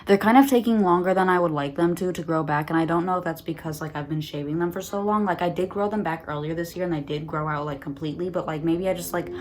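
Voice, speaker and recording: Speaking quickly and with few pauses, a woman in her twenties rambles to her phone camera at home, her pitch fairly low over a faint hiss or hum. The chat is loose and full of "like," punctuated by snarky, foul-mouthed remarks.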